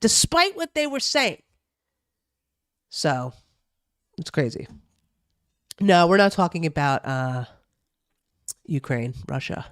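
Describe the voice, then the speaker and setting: A woman's voice: sits low, very animated, slow, pauses often, fairly bright tone, dry recording, studio quality. A young woman from New Jersey chatting casually on a live stream, swearing freely and reacting to chat. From New Jersey, USA. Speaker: streamer reading the news.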